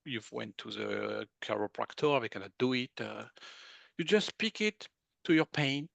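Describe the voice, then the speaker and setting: A man with a French accent, a guest in an interview, talking in an animated, casual way and often laughing. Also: medium pitch, measured pace, creaky, no echo. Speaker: guest, medical intuitive.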